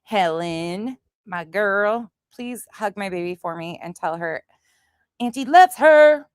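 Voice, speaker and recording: A woman's voice: on the low side, slow, clear, resonant tone, no room sound, studio quality. A woman hosting a casual livestream, greeting viewers by name and chatting bluntly with some swearing. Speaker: livestream host. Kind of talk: casual livestream chat reading comments.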